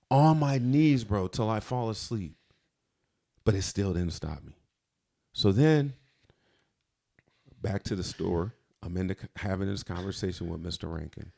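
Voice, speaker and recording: Guy with a lowish voice on a podcast, telling a personal story, gets emotional. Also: lively intonation, normal speed, vocal fry, pauses often, mellow. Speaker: podcast co-host. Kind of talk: casual storytelling chat.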